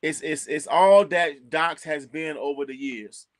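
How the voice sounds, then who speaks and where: A man with a Chicago accent chatting casually as co-host, animated, repeating words and laughing often. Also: on the high side, measured pace, dry recording, clean studio sound. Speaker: co-host recommending local restaurants. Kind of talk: casual chat.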